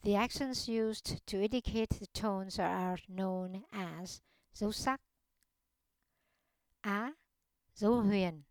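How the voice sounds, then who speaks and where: A woman giving a slow, deliberate language lesson, carefully enunciating each example sound. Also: medium pitch, a little mellow, no room sound. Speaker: language teacher. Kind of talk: slow instructional narration.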